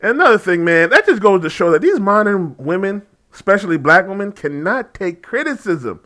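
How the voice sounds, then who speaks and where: A man's voice: high voice, big pitch swings, normal speed, pushed and bright. A man giving casual reaction commentary on a video, mocking and laughing often, with frequent swearing.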